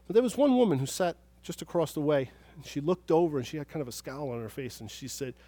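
A man preaching a sermon as pastor, telling stories and moving from soft, hushed moments to loud, emphatic praise. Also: a little high, expressive, fast talker, no room sound.

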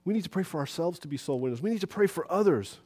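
A high-voiced man preaches a lively church sermon. He swings his voice up when he plays out little scenes of talking to people. His pitch sits well above most men's. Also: fast talker, slightly rough. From New York City. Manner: animated, acts out conversations with rising pitch.

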